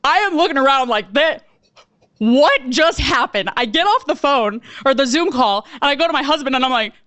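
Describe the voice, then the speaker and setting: A woman sales coach telling a story in a webinar, animated and acting out her own reactions. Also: high-pitched, fast, dry recording. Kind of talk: storytelling presentation.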